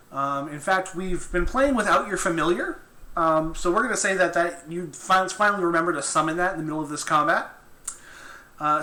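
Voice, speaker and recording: A man's voice: fairly high pitch, pushed and bright. A man running a tabletop game as game master, describing the action and patiently explaining the rules. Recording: roomy echo, faint noise.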